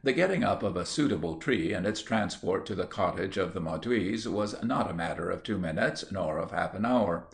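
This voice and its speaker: Man reading an old story aloud, lowish voice, gravelly, lots of melody. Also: lively intonation. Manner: measured literary reading. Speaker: audiobook reader. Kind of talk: storybook narration.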